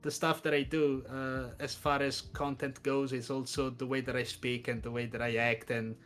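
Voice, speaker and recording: A man with an Italian accent, a podcast guest chatting casually and telling his story with expressive energy. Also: medium pitch, moderate pace, soft background music. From Italy. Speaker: podcast guest, content creator.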